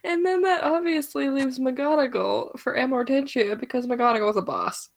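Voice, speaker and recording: A woman's voice: high voice, moderate pace, vocal fry. Wry young woman in podcast chat. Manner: wry, improvising, laughs. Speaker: podcast co-host. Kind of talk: casual chat.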